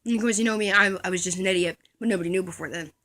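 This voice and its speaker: A woman's voice: mid-range voice, racing, a bit bright. A woman telling a comic story from her school days, rambling along and giggling at her own jokes.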